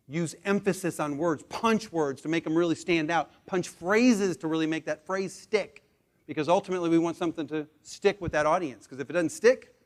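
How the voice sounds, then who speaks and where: A man in his forties teaches a live room how to present. His voice sits a bit high for a man, and he drives his points hard, racing ahead and then braking into slow, deliberate pauses. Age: 40s. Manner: emphatic, swings between punchy speed and slow deliberate pauses. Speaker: presentation skills trainer. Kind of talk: live training talk to a room.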